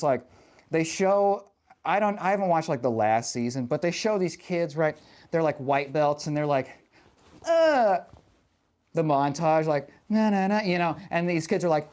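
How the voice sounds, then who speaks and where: A man live-streaming in casual chat, answering viewers in a rambling, profane way full of fillers, and getting animated when he rants. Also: fairly high pitch. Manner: animated and passionate when ranting.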